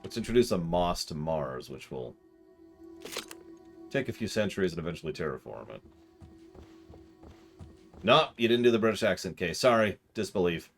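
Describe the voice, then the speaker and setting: A man streaming a video game, joking with his chat in mock disbelief and getting excited. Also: deep voice, normal speed, long pauses, faint music behind. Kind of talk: casual live-stream commentary.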